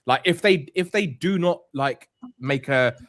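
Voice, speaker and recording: A man's voice: on the high side, a bit bright. A man co-hosting a football fan stream, arguing passionately, often stumbling and restarting his sentences. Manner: passionate, halting with many restarts. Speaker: co-host. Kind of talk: casual fan podcast banter.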